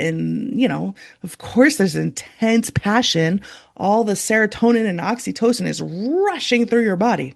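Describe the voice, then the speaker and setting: A woman's voice: mid-range voice, expressive, a little slow, vocal fry. A woman hosting a podcast, talking earnestly and confessionally as a coach about her own relationships. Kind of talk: personal storytelling monologue.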